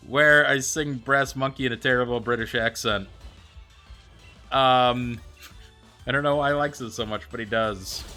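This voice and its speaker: A young man streaming a game, reading out viewer comments and answering them in a chatty, animated way. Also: medium pitch. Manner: chatty, animated, answers chat with quick excited reactions. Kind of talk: casual livestream chat reading viewer comments. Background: faint background music.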